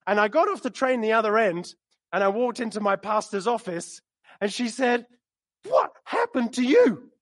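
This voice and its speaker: A man preaching a sermon in a church, animated and storytelling, speaking into a microphone. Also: high voice, moderate pace. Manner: animated, storytelling, acts out quotes with laughs. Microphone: microphone he moves around while preaching.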